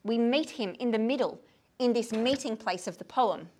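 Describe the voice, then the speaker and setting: A woman gives a talk on a poem to a gathered group in a room, tired, animated and often checking that her listeners follow. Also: on the high side, moderate pace, slight background noise. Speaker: lecturer on poetry.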